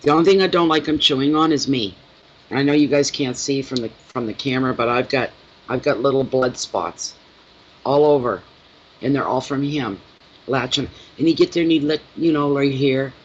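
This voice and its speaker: A man's voice: mid-range voice, normal speed, a little hiss or hum. Chatty middle-aged man, muffled home recording. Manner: chatty, animated storytelling. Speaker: tarot reader and channel host. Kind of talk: casual chat with viewers.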